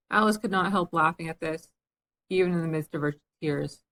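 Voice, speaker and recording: A woman reading a classic children's story aloud as an audiobook, with a lively, expressive delivery. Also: fairly low pitch, brisk, slight background noise, rough recording. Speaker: audiobook reader. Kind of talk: storybook narration.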